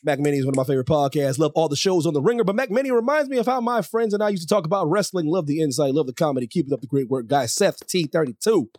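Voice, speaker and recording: A man's voice: a little high, lively intonation, very fast, hardly any pauses, darkish tone, no echo, studio quality. A man co-hosting a podcast in casual comedic chat, riffing and joking with slang. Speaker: podcast co-host.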